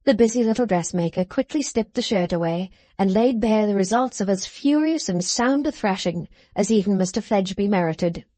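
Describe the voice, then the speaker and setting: A woman narrating a classic novel as an audiobook, reading in an even storytelling manner. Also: mid-range voice, moderate pace, few pauses, no echo. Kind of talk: scripted narration.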